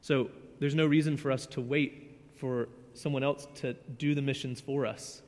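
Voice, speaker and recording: A man, preaching a sermon as a youth pastor, earnest and emotional, swinging between loud and hushed. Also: medium pitch, steady tone, moderate pace. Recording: church hall with long reverb.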